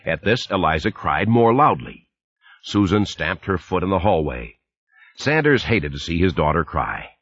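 A man narrating an audiobook in a lively, expressive reading. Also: deep voice, moderate pace, dry recording, muffled recording. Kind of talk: scripted narration.

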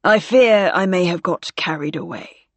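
A woman voicing a formal, diffident male Victorian naval officer who speaks with courteous, halting, old-fashioned phrasing. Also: high-pitched, lively intonation, dry recording.

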